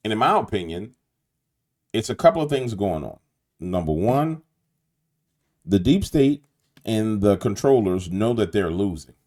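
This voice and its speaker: A man's voice: fairly low pitch, a little mellow. A man with a New Orleans accent, hosting a late-night commentary monologue in an emphatic, preachy way, talking straight to his viewers. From Louisiana. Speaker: YouTube host.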